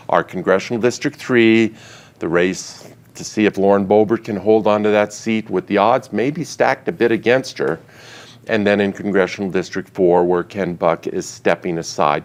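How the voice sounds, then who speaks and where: A man who is a political strategist, giving a wry, analytical take on a panel. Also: deep voice. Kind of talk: panel discussion.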